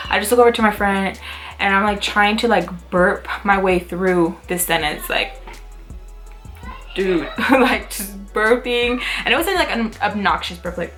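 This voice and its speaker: Animated young woman vlogger telling a story. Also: medium pitch, a little fast, faint music behind. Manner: animated, full of "like" fillers, acts out quotes. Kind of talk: casual storytime. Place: Utah, United States.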